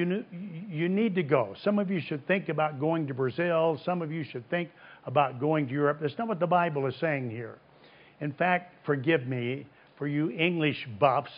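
Emphatic preacher, lo-fi sound. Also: male voice, a little high. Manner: emphatic, asks the congregation questions and answers. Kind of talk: sermon. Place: church service before a congregation. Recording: dull lo-fi sound.

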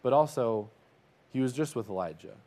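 A man in a middle voice retelling a Bible story. He talks in a relaxed, chatty way. He drops into quick acted-out voices for the characters. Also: mid-range voice. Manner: conversational, retells scripture with little acted-out voices. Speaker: Bible teacher.

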